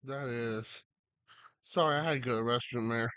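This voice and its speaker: A man rambles in casual live-stream chat from home, talking to his viewers and his dog. His voice sits mid-pitched, smooth and clear, with a dry sound close to a desk mic. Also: moderate pace, fairly bright tone, no room sound. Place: home, dog beside him.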